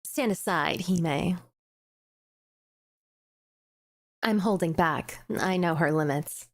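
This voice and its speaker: A woman voicing a ruthless young female squad commander, reading game dialogue aloud in a calm, measured, contemptuous tone. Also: on the low side, no room sound. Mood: taunting.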